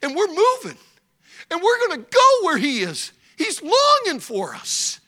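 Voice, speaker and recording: A man's voice: high voice, animated, measured pace, sharp tone, voice pushed up, exaggerated voice. A male preacher voicing an eager grown son who insists on telling his father news. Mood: urgent insistent. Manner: urgent, insistent, rising to fervor.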